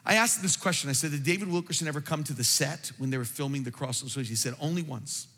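A man's voice: on the high side, fast talker, a bit bright. A man preaching a sermon, telling a story with fervent, emphatic delivery. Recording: reverberant hall with faint music.

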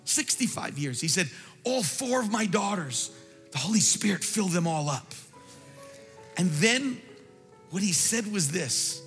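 A man's voice: high-pitched, lively intonation, measured pace, pauses often, a bit bright. A man preaching a sermon, telling a story with fervent, emphatic delivery. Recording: reverberant hall with faint music.

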